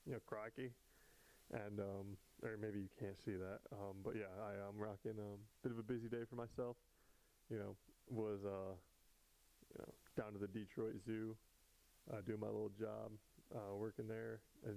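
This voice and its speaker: Man, vlog host, low gravelly voice, mellow tone, rambling casual chat at home. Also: level tone, normal speed, rough recording. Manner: rambling, with many fillers and restarts.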